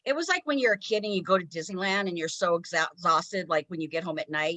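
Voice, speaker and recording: A woman's voice: fairly low pitch, fast talker, few pauses, fairly bright tone, dry recording. A woman co-hosting a podcast, chatting bluntly and swearing casually. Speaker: podcast co-host. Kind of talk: casual chat.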